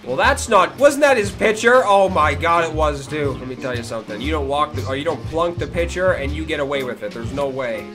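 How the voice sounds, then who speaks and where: A man hosting his own gaming video, giving live commentary with excitable, swearing outbursts that swing between low mutters and sudden yelps. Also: fairly quick, few pauses. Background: game music.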